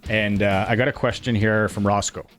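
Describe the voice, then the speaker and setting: A man's voice: fairly low pitch, fairly even intonation, normal speed, fairly bright tone, soft background music. A man with a Canadian accent hosting a live sports radio show, chatting casually and reading sponsor and station lines. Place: radio studio.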